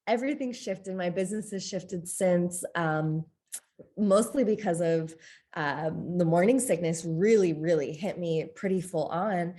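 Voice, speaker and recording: Expressive woman with a lowish voice. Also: unhurried. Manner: open, expressive, laughs often. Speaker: podcast guest, coach. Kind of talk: candid conversational interview.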